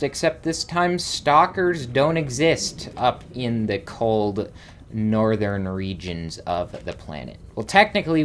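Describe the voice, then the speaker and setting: A man hosting a let's play, giving rambling gameplay commentary and thinking aloud with small exclamations. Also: medium pitch.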